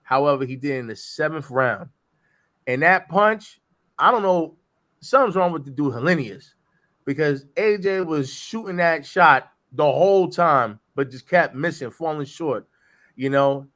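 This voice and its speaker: A man co-hosting a boxing talk show, giving animated, rambling commentary full of slang. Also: a little high, measured pace. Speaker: co-host. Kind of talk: casual commentary.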